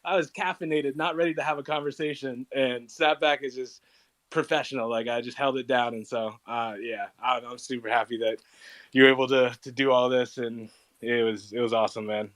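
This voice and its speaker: A man's voice: medium pitch, steady tone, fairly quick, a bit bright, no echo. A man hosting a casual chat, loose and slangy, calling people "bro". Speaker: host.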